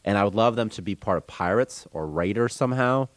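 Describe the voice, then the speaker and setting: A man's voice: on the low side, expressive, a little fast, dry recording. A man streaming game development, rambling casually with strong opinions and reading chat comments aloud. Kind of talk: casual rant on a live stream.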